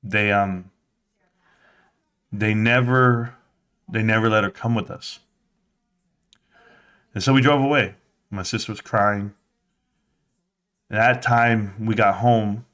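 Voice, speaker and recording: A man hosting a livestream, telling a personal story in a casual, animated way, jumping into a higher voice to act out quotes. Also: slow pace, long pauses, clean tone. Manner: animated, acts out quotes in a high voice; conversational, with fillers and restarts. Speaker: livestream host.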